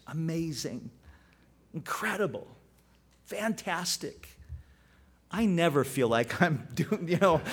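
A male pastor delivers a sermon in a relaxed, storytelling manner, and then he drives home points with sudden emphasis. His voice sits high for a man and swings widely in pitch. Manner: conversational, storytelling with animated emphasis.

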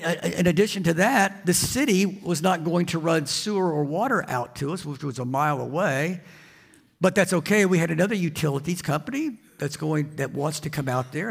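A man's voice: medium pitch, gravelly, husky. A man preaching a sermon as a pastor, telling a personal story with frequent repeats and restarts.

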